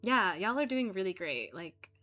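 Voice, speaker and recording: Bright-voiced gushing woman on a voice call. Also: mid-range voice, sing-song, normal speed, soft background music. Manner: gushing, chatty, many fillers. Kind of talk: casual chat among voice actors.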